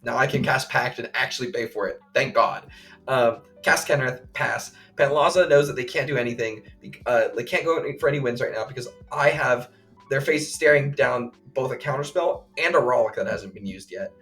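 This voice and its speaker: A man co-hosting a podcast, recounting a game play by play in casual chat, full of fillers and quick acted quotes. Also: medium pitch, fairly bright tone, soft background music. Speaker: podcast co-host.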